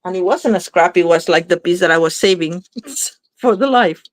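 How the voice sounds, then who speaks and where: A woman with a lowish voice and moderate pace hosts a card-making video, chatting casually, thinking aloud while she works, and often correcting herself. There's no room sound.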